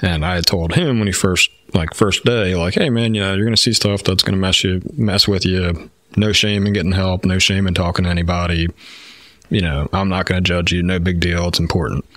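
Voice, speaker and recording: Deep-voiced man telling a frank story. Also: steady tone, brisk, a bit bright, no echo. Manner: rambling, frank, swears often, many fillers. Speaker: podcast guest, firefighter. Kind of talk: candid storytelling.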